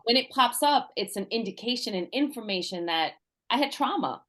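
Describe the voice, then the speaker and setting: A woman's voice: on the high side, lively intonation, fairly quick, sharp tone. A woman in her forties, a guest coach, telling personal stories in a casual interview, laughing often and acting out the voices of people she quotes. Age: 40s.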